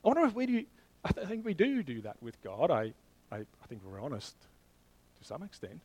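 A man's voice: a little high, huge pitch swings, fairly quick, warm tone, husky. A man in his thirties or forties preaching a sermon in a conversational way, often restarting phrases and speaking directly to his listeners. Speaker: pastor.

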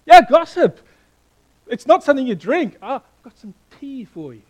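Middle-aged male pastor, high voice, lively sermon delivery with quick questions to the congregation. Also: poor audio. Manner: animated, playful with the congregation, asking questions.

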